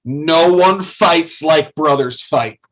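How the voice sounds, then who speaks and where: A man's voice: on the high side, takes it slowly, fairly bright tone, low-quality recording. A man from Michigan co-hosting a casual podcast, cracking dry jokes. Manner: wisecracking, dry quips. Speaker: podcast co-host. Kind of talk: casual chat.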